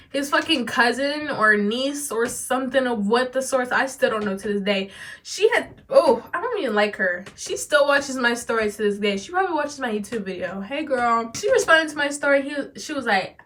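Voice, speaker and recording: A woman's voice: on the high side, moderate pace. A teenage girl telling a storytime vlog to her phone camera, talking animatedly, swearing, stuttering now and then and acting out what others said. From United States. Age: teens. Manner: animated, swearing, acts out quoted lines. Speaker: vlogger.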